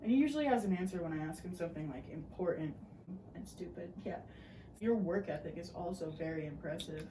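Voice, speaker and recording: A woman's voice: fairly low pitch, animated, a little fast, echoey room, recorded from a distance, background noise. A teenage woman co-hosting a casual Q&A chat, laid-back and full of "like", with some swearing. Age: teens. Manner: laid-back, filler-heavy, profane. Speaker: co-host.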